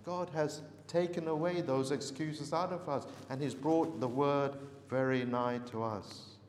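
A man preaching a sermon earnestly, repeating words for emphasis and pausing on fillers. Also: medium pitch, steady tone, slight background noise. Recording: echoey hall with long reverb.

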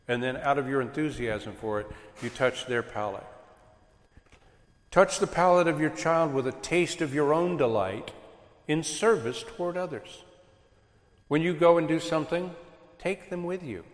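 A man preaching earnestly to a congregation about raising children, animated as he makes his points. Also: on the high side. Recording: echoey hall with long reverb.

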